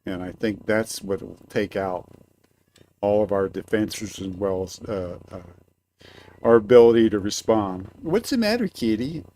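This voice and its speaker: A man's voice: fairly low pitch, flat delivery, unhurried, warm tone, slight background noise. A man hosting a live-stream radio show from a cabin, rambling casually with lots of filler and swearing. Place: cabin, indoors.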